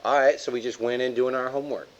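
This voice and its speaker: A man chatting casually as a player in a tabletop game, easygoing and talkative. His voice sits at an ordinary pitch. The mic sounds dull and lo-fi. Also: fast talker. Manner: relaxed, chatty.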